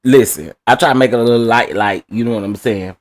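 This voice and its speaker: A man's voice: mid-range voice, fast talker. A man giving casual live-stream commentary, playful, often laughing and calling his viewers baby and y'all. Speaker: online trial commentator.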